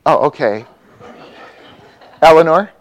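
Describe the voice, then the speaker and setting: A man's voice: fairly high pitch, takes it slowly. A man preaching a sermon, talking casually and asking his congregation questions. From mixed Dutch and Czech heritage. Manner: conversational, asks the congregation questions. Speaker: pastor.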